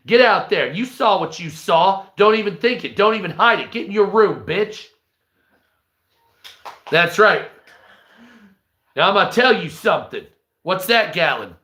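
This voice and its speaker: A man's voice: high-pitched, expressive, unhurried, long pauses, pushed and bright, heavily acted. A man voicing a foul-mouthed, bragging street thug who trash-talks and threatens the listener. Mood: menacing swagger. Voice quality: crude, menacing, trash-talking. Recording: roomy echo.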